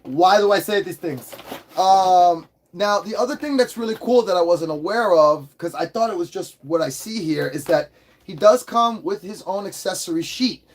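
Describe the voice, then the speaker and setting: A man hosting a casual livestream toy review, hyper and excitable, swearing freely as he talks. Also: high-pitched, moderate pace.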